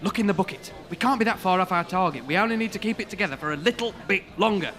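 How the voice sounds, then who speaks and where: A man's voice: sits high, expressive, fast talker, fairly bright tone, soft background music. A man playing a flustered, bossy schemer in a radio comedy. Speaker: comedy troupe leader scheming. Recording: clear background noise.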